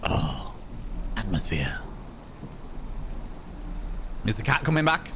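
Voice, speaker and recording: Guy streaming a game, cracking jokes and swearing, slow talker, bouncy pitch. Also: big pitch swings, background noise. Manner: joking, swearing, laughing, riffing. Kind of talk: casual let's-play commentary.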